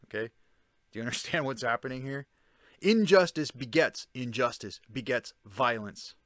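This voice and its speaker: A self-taught commentator on ancient texts gives a casual spoken explanation, conversational with fillers and restarts, often asking the listener "Okay?" and "Right?". His medium-pitched voice is a bit bright, in clean studio sound with no echo.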